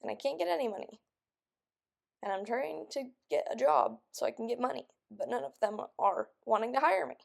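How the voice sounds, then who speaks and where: A woman's voice: fairly high pitch, brisk, creaky. A young woman venting in a rambling vlog, frustrated and stressed, sounding close to tears and just woken up. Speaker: vlogger.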